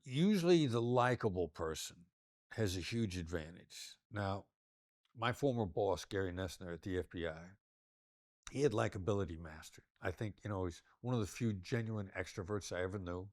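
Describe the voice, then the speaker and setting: A man's voice: low-pitched, expressive, moderate pace, a little mellow, dry recording, studio quality. An older man, a negotiation expert giving an interview, who talks in a demonstrative way and shifts his tone to illustrate his points. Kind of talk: interview conversation.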